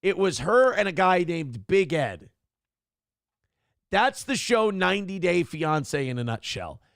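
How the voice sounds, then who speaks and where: A man's voice: high voice, sing-song, measured pace, fairly bright tone, no echo, studio quality. A man hosting a live-streamed morning talk show, rambling and mocking in casual commentary and reading out donors' messages. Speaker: livestream show host.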